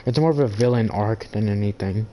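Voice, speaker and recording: A gaming channel host rambles through a casual ranting monologue, swearing and packing it with "like," other fillers and restarts. His voice sits on the low side, brisk and mellow. The audio is poor, with slight background noise.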